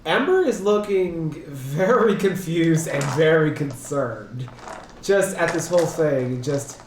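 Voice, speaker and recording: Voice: mid-range voice, animated. A player slips between narrating and speaking in character, tripping and restarting phrases. The voice sits in a middle range. It is picked up from a distance in a roomy space with faint noise. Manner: quick, stammering restarts. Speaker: tabletop player voicing Ember. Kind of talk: casual tabletop roleplay, mixing narration and dialogue. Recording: distant mic in an echoey room.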